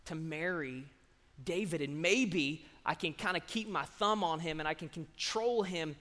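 A calculating king lays out his plan in a plain, matter-of-fact tone, as a preacher puts him on. The voice is fairly high for a man, with a long reverb behind it. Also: unhurried, a bit bright. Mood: scheming. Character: scheming older male king, calculating.

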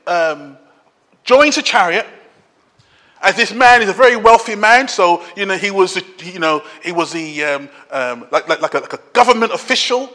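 Middle-aged male preacher, high and bright, repetitive emphatic delivery, reverberant hall. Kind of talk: sermon.

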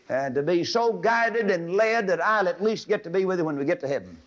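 A man's voice: sits high, expressive, brisk, few pauses. A man preaching a fervent, folksy sermon to a live audience, swelling into emphatic pleading. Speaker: radio preacher. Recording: dull lo-fi old radio broadcast.

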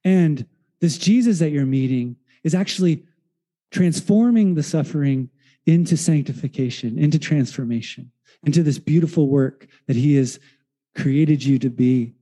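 Man, pastor, sermon, conversational storytelling, acts out quoted voices, very mellow dark tone, slightly high pitch. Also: moderate pace.

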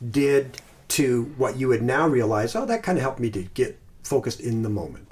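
A man's voice: mid-range voice, sing-song, a little mellow. Thoughtful man hosting a faith podcast. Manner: thoughtful, halting, with restarts and slow recited phrases. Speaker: podcast host. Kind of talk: casual podcast chat about Christian meditation.

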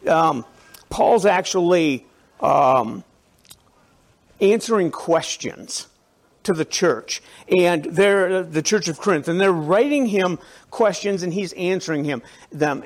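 A male pastor preaching a sermon in a conversational, animated way, with asides to the congregation and frequent restarts. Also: sits high.

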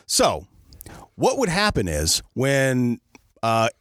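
A male podcast host tells a comedy story in a lively, swinging voice. He keeps it conversational and often checks in with "right?", and the sound is close and dry. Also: mid-range voice, slow pace, clear, resonant tone, no room sound.

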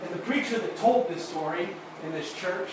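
A man preaches in a church, recorded from a distance so his voice rings through a very echoey room. A steady hiss of noise sits under him. His pitch is a bit higher than most men's, and he works up to fervent emphasis. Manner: halting, repeats words, builds to fervent emphasis. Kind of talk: sermon storytelling. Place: church sanctuary.

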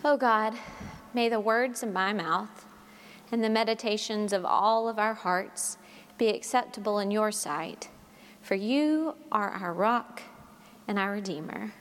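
A woman preacher reading scripture and giving a sermon in a measured, expressive storytelling manner. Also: medium pitch. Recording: long reverb of a large hall.

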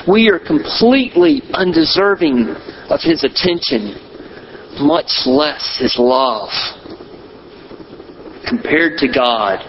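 A man preaching a sermon as pastor, in a measured style with emphatic pauses. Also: fairly high pitch, expressive, lo-fi sound.

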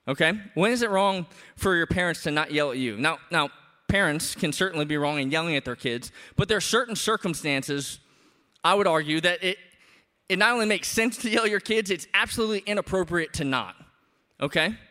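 A man preaching a sermon as a pastor, in an animated, conversational way with emphatic rises. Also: a little high, a little fast, big-room sound.

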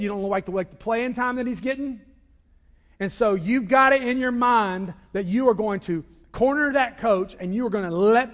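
A man preaching a sermon as a pastor, swinging from loud emphasis to quiet asides. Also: sits high. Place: church sanctuary. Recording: long reverb of a large hall.

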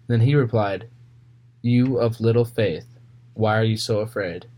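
A man reading Bible passages aloud and retelling them casually in his own words, with fillers and pauses. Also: on the low side, dark tone. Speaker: Bible reader.

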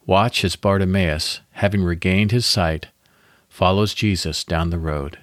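A man hosting a devotional podcast, reading a guided Bible meditation in a calm, measured way with pauses. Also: low voice, no room sound, clean studio sound.

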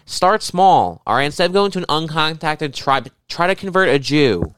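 A young man co-hosting a casual comedy podcast, rambling and swearing as he riffs with rising excitement. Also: a little high, normal speed, clean tone, no echo. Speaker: podcast co-host.

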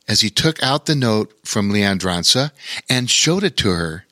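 A man narrating a children's story in an expressive, unhurried way. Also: medium pitch, no room sound, clean studio sound.

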